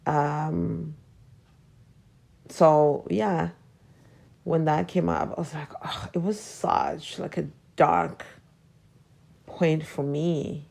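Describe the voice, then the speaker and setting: A woman's voice: low-pitched, fairly even intonation, very slow, creaky, pauses often, darkish tone. A woman in her forties hosting a podcast, talking through personal memories in a hesitant, reflective way that sometimes drops to a whisper. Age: 40s. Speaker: podcast host.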